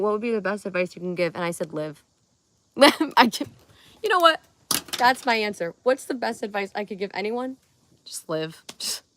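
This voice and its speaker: A woman's voice: medium pitch, a bit bright, a little hiss or hum. A young woman chatting casually on a live stream, rambling, giggling and swearing now and then.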